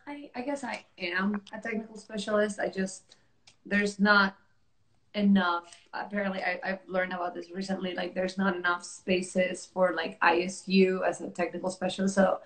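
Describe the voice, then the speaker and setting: A woman's voice: medium pitch, steady tone, moderate pace, pushed and bright, echoey room. A woman from Mexico, hosting a casual interview and chatting with many fillers, sometimes acting out quotes. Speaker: host and technical specialist.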